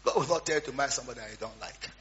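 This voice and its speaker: A man preaching a storytelling sermon, swinging between quiet asides and loud shouts. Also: medium pitch, racing. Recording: dull lo-fi sound with faint hum.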